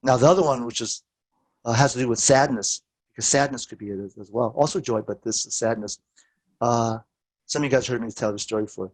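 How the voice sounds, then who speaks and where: A man teaching a therapy workshop, telling lively anecdotes and acting out what people said. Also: fairly quick. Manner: animated storytelling, acts out quoted lines with big pitch jumps. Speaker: therapist and lecturer.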